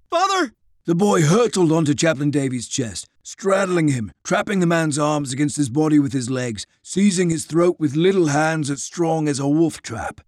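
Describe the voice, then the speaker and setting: A man narrating an audiobook in a dramatic, expressive reading. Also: on the high side, dry recording, studio quality. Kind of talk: scripted narration.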